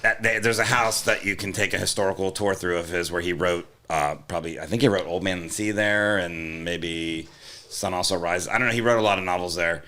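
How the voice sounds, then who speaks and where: Joking lower-voiced man on a comedy podcast. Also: fairly quick, bright, forceful tone. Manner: joking, rambling storyteller who breaks into mock singing and impressions. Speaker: podcast co-host. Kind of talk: casual comedy podcast chat.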